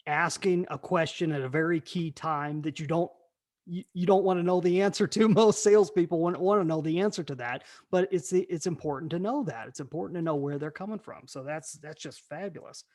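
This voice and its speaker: A man's voice: on the high side, fairly quick, a little mellow. A man hosting an interview, affirming his guest and laughing along. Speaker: podcast host. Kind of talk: casual interview chat.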